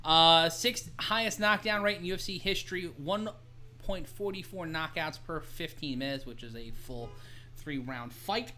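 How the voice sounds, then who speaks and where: An American man co-hosting a casual live commentary show, talking quickly, laughing often and reading out stats. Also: on the high side, bright, forceful tone. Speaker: co-host and play-by-play commentator.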